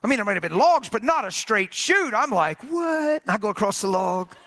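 A man preaching in a storytelling style, with a high, bright voice. He is animated and jokey, and his pitch swings widely as he exclaims. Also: brisk. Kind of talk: storytelling sermon.

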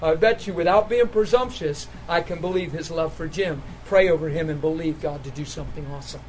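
A man with a high voice preaches, telling a healing testimony in an animated way and often laughing. His voice leaps up when he gets excited. Faint ambience hums behind him. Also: fairly quick, slight background noise, poor audio.

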